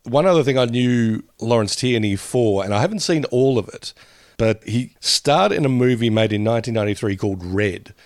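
A man's voice: medium pitch, animated, no room sound. Chatty man on a dry mic. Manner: rambling, laughs often, drifts into quick impressions. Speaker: podcast co-host. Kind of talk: casual chat.

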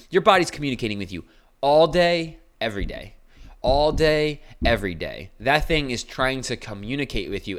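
Speaking in a mid-range voice with a fairly bright tone, this young podcast host gives a laid-back motivational talk. He is blunt and earnest, and he describes his own tone as aggressive.

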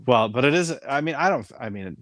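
A man chats eagerly about a TV show and is quick to agree with his co-host. His voice sits at a middling pitch. The recording is dry and close. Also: expressive, no echo. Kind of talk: casual TV recap chat.

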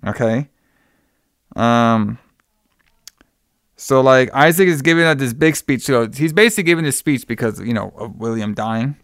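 A man's voice: mid-range voice, normal speed, long pauses, fairly bright tone, no echo, clean studio sound. A man casually recapping a horror movie plot with a podcast co-host. He rambles, swears often and fills his speech with "like" and "you know". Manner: rambling, profane, many fillers.

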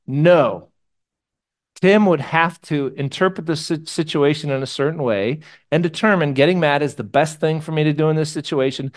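A man's voice: a little high, normal speed. A man preaching a sermon to a live congregation in a conversational, emotional way, asking his listeners questions. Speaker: pastor.

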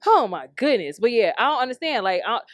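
A woman's voice: fairly high pitch, very animated, quick pace, dry recording, studio quality. A young woman hosting a podcast, ranting heatedly with nonstop swearing and bursts of laughter. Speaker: podcast host. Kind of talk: profane comedic rant. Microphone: studio mic on camera.

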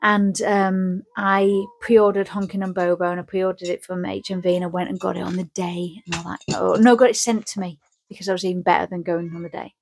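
A woman's voice: lowish voice, level tone, brisk, vocal fry, slight background noise. A woman co-hosting a podcast in casual chat, rambling and joking, acting out little scenes. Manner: rambling, jokey, acts out scenes. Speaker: podcast co-host.

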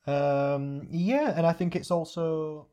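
A man who hosts a podcast and coaches clients, talking in a relaxed, chatty way and reading out articles. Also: on the high side, takes it slowly. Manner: relaxed, chatty, laughs often. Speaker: podcast host and fitness coach. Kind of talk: casual chat.

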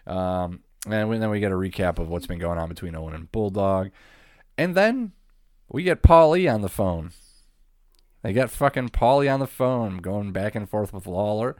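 A man with a very low voice talks through a recap in a loose, rambling way. He swears casually and laughs now and then. The sound is dry and close. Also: animated, moderate pace, darkish tone, no echo. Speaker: podcast co-host.

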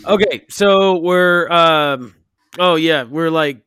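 A man's voice: fairly high pitch, takes it slowly, sharp tone, clear, resonant tone, no echo, clean studio sound. Easygoing man teasing his co-host. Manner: easygoing, teasing, many short agreements. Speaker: podcast co-host. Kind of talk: casual chat.

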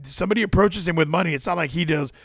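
A man's voice: on the high side, rapid-fire, fairly bright tone. A man streaming to his chat, reading news stories aloud and ranting about them in a casual, profane and incredulous way.

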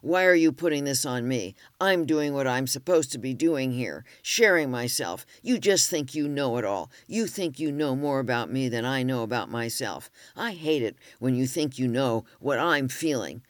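A defensive, angry man yelling accusations, loud and sharply raised, as a male reader puts him on. The voice is dry and close, with little room sound. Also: mid-range voice, expressive, normal speed, hardly any pauses, no room sound, lightly acted. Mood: furious.

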